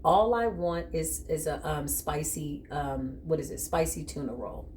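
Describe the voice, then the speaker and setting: A woman's voice: sits low, a little slow, very noisy. Chatty woman giving a tarot reading. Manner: animated and joking, with bursts of laughter; addresses listener directly with "listen" and "okay". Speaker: tarot reader.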